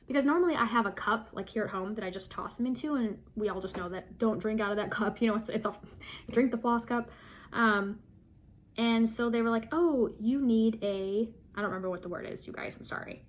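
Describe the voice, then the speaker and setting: A woman's voice: fairly high pitch, fast talker. A woman vlogging casually to camera, chatty and self-deprecating, with frequent fillers and laughs. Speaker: flosstube vlogger.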